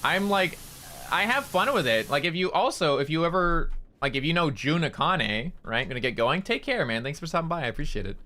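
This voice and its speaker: A man's voice: a little high, very animated, brisk, sharp tone, slight background noise, poor audio. A young man streaming a game in casual chat, rambling, joking and swearing freely as he talks to his viewers.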